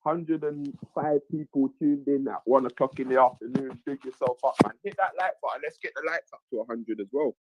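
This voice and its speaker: A man's voice: medium pitch, fairly quick, few pauses, background noise. A man hosting a casual live stream, reading the chat aloud and often repeating his own lines. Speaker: livestream host.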